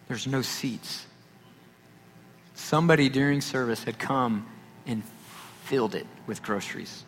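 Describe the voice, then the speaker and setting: With a fairly bright, mid-range voice, this Texan pastor speaks a little slowly and pauses often as he recounts a personal story in his sermon. His tone is conversational, laced with jokes at his own expense, and a long hall reverb and faint noise fill the recording.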